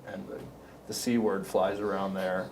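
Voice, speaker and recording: A man's voice: sits low, level tone, moderate pace, a little mellow, slight background noise. A middle-aged man from Canada, a podcast guest, telling work stories in a rambling, casual way with many restarts. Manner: rambling, anecdotal, frequent restarts. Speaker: podcast guest, construction company owner. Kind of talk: casual storytelling.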